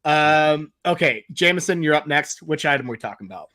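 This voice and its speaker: A man co-hosting a podcast, making wry, deadpan asides in a casual food-ranking chat. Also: on the high side, a little fast. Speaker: podcast co-host.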